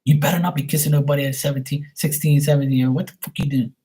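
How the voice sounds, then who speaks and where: A man imitating his scolding, nosy mother, who nags him in rapid, cursing bursts. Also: mid-range voice, fairly even intonation, natural voice. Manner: shouting, cursing, rapid-fire nagging.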